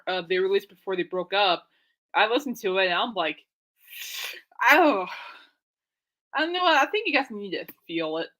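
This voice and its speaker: A woman's voice: mid-range voice, sharp tone, low-quality recording. A woman hosting her own podcast live, rambling casually with lots of fillers and exclamations. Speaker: podcast host. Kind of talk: casual live-stream chat.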